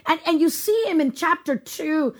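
A woman's voice: extremely high pitch, moderate pace. A woman preaching to viewers, earnest, full of rhetorical questions, rising and speeding up when she voices a questioning prophet. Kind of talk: sermon to a video audience.

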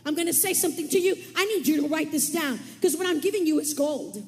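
A woman preacher giving an emphatic sermon, repeating key words and calling on her listeners to shout them back. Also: high-pitched, expressive, fast, in a large hall.

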